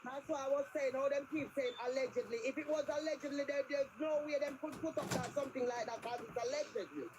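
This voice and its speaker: High-voiced Jamaican woman, emphatic, noisy audio. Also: fast, few pauses. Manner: agreeing loudly, emphatic, repetitive. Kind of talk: heated live discussion.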